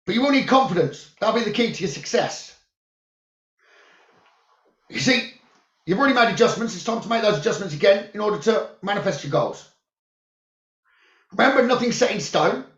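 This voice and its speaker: A man who works as a psychic medium, giving calm, soothing spiritual guidance about the new moon, crystals and journaling. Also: sits high, a little fast, pauses often. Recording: roomy, dull lo-fi sound.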